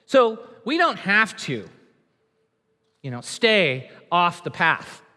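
A man's voice: high-pitched, big pitch swings, slow pace, bright, forceful tone. A male pastor preaching a sermon in a church, emphatic and conversational, acting out quotes. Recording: long hall reverb.

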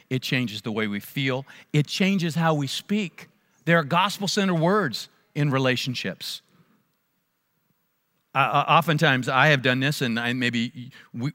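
A man preaching a sermon as a pastor, telling stories with animated delivery and acting out voices. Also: mid-range voice. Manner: animated storytelling, acts out voices. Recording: long reverb of a large hall.

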